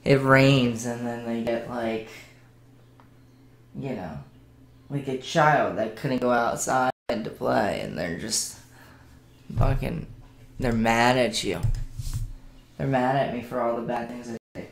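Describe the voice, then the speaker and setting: Male poker streamer, unhurried, baby-talks his dogs between hands; roomy echo, noisy background. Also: medium pitch, creaky. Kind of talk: casual live-stream chat with poker commentary.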